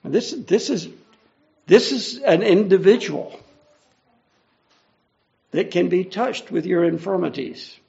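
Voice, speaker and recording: A man's voice: sits high, lively intonation, slow pace, gravelly, long pauses, mellow. A man preaching an earnest, conversational verse-by-verse Bible teaching, explaining each passage. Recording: dull lo-fi recording.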